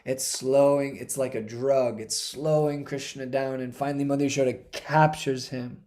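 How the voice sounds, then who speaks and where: A man giving a devotional talk, telling a sacred story dramatically, swinging from hushed passages to intense ones. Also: medium pitch, steady tone, normal speed. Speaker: spiritual speaker.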